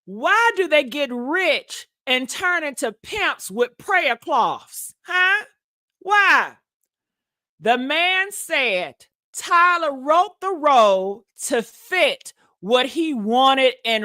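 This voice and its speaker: A woman's voice: high voice, lively intonation, extremely slow, bright, forceful tone, no echo, clean studio sound. A woman hosting a gossip commentary vlog, sassy and dramatic, preaching at viewers with church-style calls and pet names like honey and baby. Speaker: commentary channel host.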